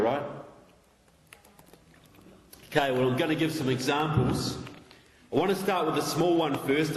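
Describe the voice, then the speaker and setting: A man with a New Zealand accent gives an emphatic, story-driven lecture to a live crowd, often turning to ask them questions. His voice sits at a middling pitch. It rings through a large, echoey hall with a long, lingering reverb. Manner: emphatic, storytelling, asks the audience direct questions. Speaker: guest speaker. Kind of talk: political lecture to a live audience.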